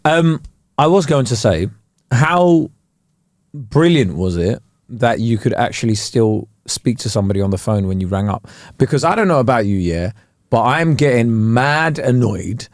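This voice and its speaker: A man co-hosting a podcast in casual chat, animated and laughing often, close to the mic in a dry room. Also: medium pitch, normal speed, no echo. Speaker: podcast co-host.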